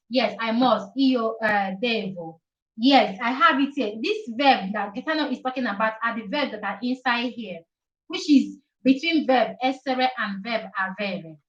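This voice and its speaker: A woman tutor on a live-stream lesson speaks at an unhurried, halting pace, filling pauses with "um" and "uh" while she writes. Her voice sits a little high, and she repeats each verb form carefully for her viewers. The audio is roomy and a bit dull, as if from a built-in mic. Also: fairly bright tone. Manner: slow and halting, with many fillers while writing; repeats Italian verb forms slowly and encourages viewers.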